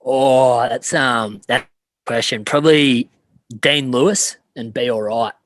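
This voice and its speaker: An easygoing young man with an Australian accent answers questions in a relaxed, chatty way. His voice sits at a middle pitch and is recorded dry and close, with little room sound. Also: slow pace, dry recording. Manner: easygoing, ends sentences with "mate". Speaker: guest, former college punter. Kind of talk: casual interview.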